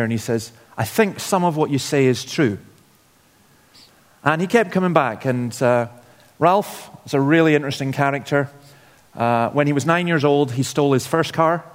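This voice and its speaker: A man from Scotland preaches as a guest speaker, mixing scripture with personal stories and dry asides. His voice sits at an average pitch and carries a long church reverb. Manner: informal, storytelling, wry asides. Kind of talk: sermon. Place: church hall.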